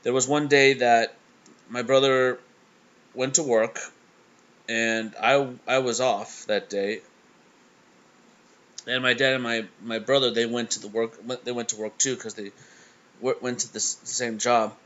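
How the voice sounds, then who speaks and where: Halting young man telling a sad story. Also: mid-range voice, fairly even intonation, a bit bright, dull audio. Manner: halting, stammering restarts. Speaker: reaction video host. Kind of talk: casual emotional storytelling.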